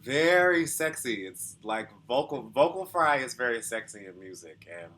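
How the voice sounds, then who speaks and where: A man's voice: medium pitch, big pitch swings, normal speed, fairly bright tone, slight background noise. A man talking as a vocal coach in casual reaction commentary, explaining thoughtfully with lots of hedging and sometimes singing short demos.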